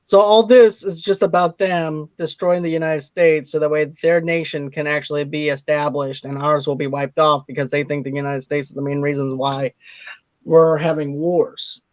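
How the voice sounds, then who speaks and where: A man's voice: fairly high pitch, fairly even intonation, normal speed, no room sound. A man co-hosting a casual movie review, recapping the plot step by step in a matter-of-fact way. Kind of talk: casual spoiler review chat. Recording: dry, slightly dull recording.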